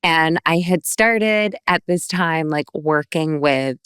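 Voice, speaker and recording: Low-voiced woman host, chatty, dry close mic. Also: slow pace, fairly bright tone, smooth, no room sound. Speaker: podcast host. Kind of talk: casual interview chat.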